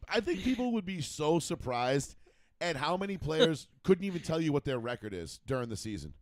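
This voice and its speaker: A man co-hosting a casual sports talk show, rambling and profane, restarting sentences and getting animated as he makes a point. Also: fairly high pitch, moderate pace, no room sound. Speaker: podcast co-host.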